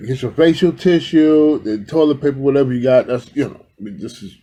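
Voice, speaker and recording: Speaking with warmth in a mid-range voice, this man keeps a brisk pace. He's a spiritual vlogger recording himself inside, talking to his audience in a loose, rambling, affectionate way and addressing them directly.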